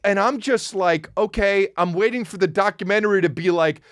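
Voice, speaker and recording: A man's voice: high-pitched, fairly quick, fairly bright tone, dry recording, studio quality. A male comedian and podcast host delivering a sarcastic, profane rant, slipping into mocking voices. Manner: sarcastic, swearing, mocking impressions.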